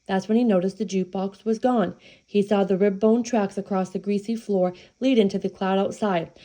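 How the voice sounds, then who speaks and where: A woman's voice: medium pitch, fairly even intonation, normal speed, dark tone. A woman reading a children's tall tale aloud with a folksy, playful delivery. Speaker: storyteller.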